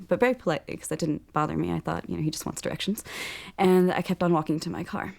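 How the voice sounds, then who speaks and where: A young woman telling the story of her kidnapping in a documentary interview, halting and earnest, with many restarts. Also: low voice, steady tone, gravelly, darkish tone. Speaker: survivor recounting a crime. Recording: music bed under the voice.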